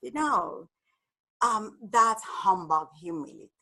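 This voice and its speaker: A woman guest explaining an idea in a lively interview, laughing often and acting out the voices in her examples. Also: medium pitch, slow pace, gravelly, poor audio. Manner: animated, laughs often, acts out apologetic voices. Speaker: guest speaker. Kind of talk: conversational explanation with acted examples.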